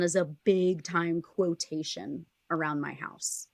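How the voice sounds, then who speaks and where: A woman's voice: fairly low pitch, fairly even intonation, takes it slowly, creaky, no echo, studio quality. A woman guest on a podcast, brainstorming in a rambling, casual way, full of "like" and laughter. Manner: rambling, heavy use of "like", laughs often.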